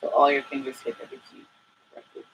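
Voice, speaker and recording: A woman teaching saxophone in a relaxed, chatty way, with many fillers and asides. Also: rapid-fire, a little hiss or hum, poor audio. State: a bit out of breath at times. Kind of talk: casual tutorial talk.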